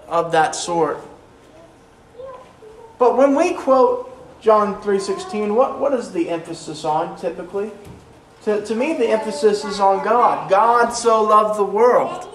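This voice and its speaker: A male preacher delivers a sermon with earnest emphasis, slowing down to lean on his key lines. He is caught from a distance in an echoing church sanctuary. A faint room hum sits under his voice. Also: sits high. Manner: earnest, slows down to stress key phrases, repeats words as he restarts. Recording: roomy echo, mic at a distance, faint room noise.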